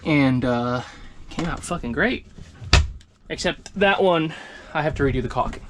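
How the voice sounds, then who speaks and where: A man's voice: a little high, animated, unhurried, noisy background. A man giving a casual, profane and rambling walkthrough of the repairs on his sailboat, speaking from inside the cabin. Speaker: boat owner showing repairs.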